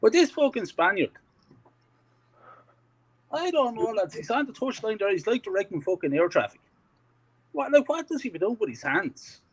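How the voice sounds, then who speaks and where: Frustrated man with a lively voice. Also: high-pitched, moderate pace, long pauses, breathy edge, poor audio. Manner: frustrated, emotional ranting. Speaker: fan podcast co-host. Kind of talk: casual chat.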